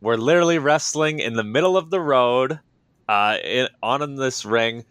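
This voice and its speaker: Energetic man telling wrestling stories. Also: mid-range voice, normal speed, clean tone, no echo. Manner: energetic, enthusiastic storytelling with many fillers. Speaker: wrestler, interview guest. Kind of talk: casual interview storytelling.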